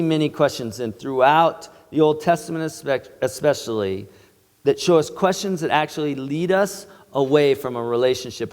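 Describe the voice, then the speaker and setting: A man's voice: mid-range voice, big-room sound. A male pastor preaching a sermon in an earnest, emphatic way, in a church sanctuary.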